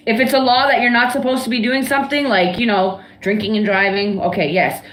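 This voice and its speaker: A woman's voice: on the high side, fairly even intonation, a little fast, hardly any pauses, fairly bright tone. Blunt defiant woman ranting, roomy echo. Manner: blunt, swearing, defiant, laughs between outbursts. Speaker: livestream guest. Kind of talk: heated casual rant on a livestream.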